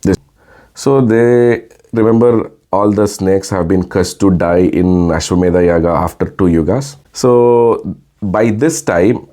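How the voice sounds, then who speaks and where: Host, male; deep, dark-toned, casual mythology storyteller with lots of fillers. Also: measured pace. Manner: rambling, many fillers, acts out quoted dialogue. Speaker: podcast host telling myths.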